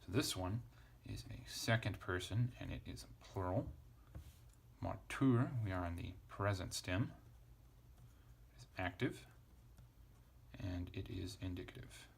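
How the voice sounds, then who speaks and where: A man's voice: low-pitched, a little slow, creaky, long pauses, breathy edge. A man teaching a casual lesson, thinking aloud as he spells out letters and parses a text. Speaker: Greek teacher.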